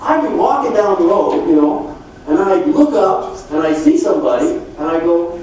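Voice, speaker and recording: A middle-aged man giving a motivational sales talk at a conference, telling folksy, animated stories. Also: high-pitched, moderate pace. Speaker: sales trainer speaking at a conference. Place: conference hall. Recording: echoey hall from far off with faint noise.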